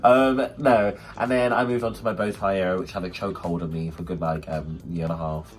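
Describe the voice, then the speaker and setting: A young man with a deep voice co-hosts a casual podcast chat, talking fairly quickly. He tells stories with animation and acts out quotes in funny voices.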